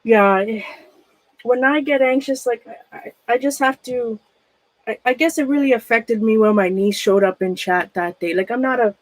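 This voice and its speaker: A middle-aged woman with a slightly high voice talks at normal speed on a low-quality recording with no echo. Nervous and shaky, she livestreams while clearing out a closet of old things, rambling along and greeting viewers by name.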